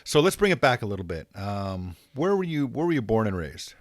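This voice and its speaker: A man hosting a podcast, who asks questions and talks in a relaxed, rambling way. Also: lowish voice, fairly quick, dry recording. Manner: relaxed, rambling, loose phrasing. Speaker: podcast host. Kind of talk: casual interview chat.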